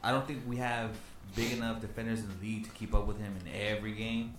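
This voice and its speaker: A man's voice: lowish voice, flat delivery, fast, noisy background. A man co-hosting a casual fan chat, blunt and opinionated. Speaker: co-host.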